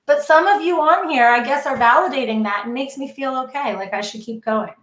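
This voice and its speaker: A woman's voice: sits high, brisk, fairly bright tone, reverberant. A woman educator, a podcast guest, telling her story in an effusive, emotional way. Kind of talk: casual podcast chat.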